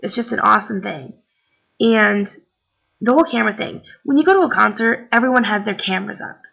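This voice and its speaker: Tired young woman rambling, gravelly. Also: medium pitch, fairly quick, a bit bright. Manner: chatty, rambling, lots of "like" and "um". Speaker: vlogger. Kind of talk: casual chat. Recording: dull lo-fi webcam recording.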